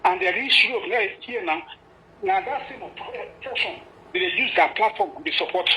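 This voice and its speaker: A woman's voice: mid-range voice, lively intonation, moderate pace, background noise. A woman with a Nigerian accent calling in to a live video and asking exasperated questions in pidgin. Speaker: caller.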